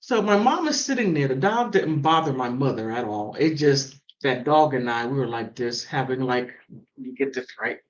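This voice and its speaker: A woman from the mountains hosting a call-in show and telling stories in a casual, animated way. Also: normal speed, lo-fi sound. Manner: animated storytelling with big pitch swings. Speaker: host. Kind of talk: casual chat.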